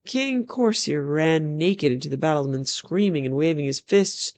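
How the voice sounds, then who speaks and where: Fantasy read-aloud narrator, steady and measured, close dry sound. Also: mid-range voice, no echo. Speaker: storyteller. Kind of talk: reading a fantasy novel aloud.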